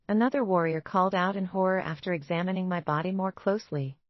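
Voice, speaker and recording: A woman with a lower voice tells a first-person romance story in a steady, dramatic way. The sound is dry and a little dull, like a lo-fi recording. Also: quick pace, hardly any pauses, no room sound. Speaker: narrator.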